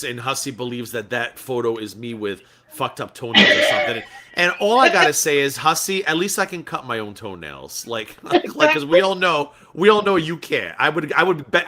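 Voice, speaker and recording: A man's voice: mid-range voice, lively intonation, moderate pace, pushed and bright. A man from Florida hosting a live call-in stream, gossiping and mocking with frequent laughs. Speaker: host.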